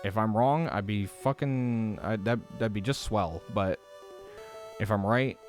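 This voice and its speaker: A man hosting a live stream, ranting in a rambling, profane, animated way with many fillers. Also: fairly low pitch, measured pace, faint music behind. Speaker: livestream host. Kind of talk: casual livestream chat.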